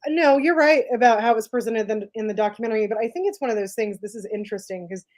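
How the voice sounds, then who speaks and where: A woman's voice: fairly high pitch, quick pace, darkish tone. A woman co-hosting a podcast, talking casually and thinking aloud, with lots of "like" and "right?" as she works through her points. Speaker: podcast co-host. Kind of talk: casual discussion.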